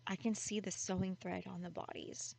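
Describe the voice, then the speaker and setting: A woman's voice: medium pitch, level tone, normal speed, creaky, darkish tone, low-quality recording. A woman telling a story, voicing a young male college student who sounds hesitant and shaken. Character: nervous young man, college student home on break.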